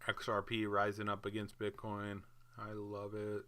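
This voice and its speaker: A man's voice: lowish voice, completely flat delivery, unhurried, a bit bright, clean tone. A man casually talking his viewers through crypto market charts in a chatty, hyped, offhand way. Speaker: crypto market video host. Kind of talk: casual screen-share commentary.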